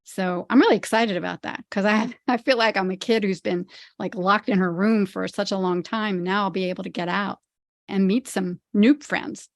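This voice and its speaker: A woman's voice: mid-range voice, steady tone, normal speed, no echo. Chatty woman guest, very dry sound. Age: older. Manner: friendly and chatty, laughs easily. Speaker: podcast guest. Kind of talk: casual interview chat.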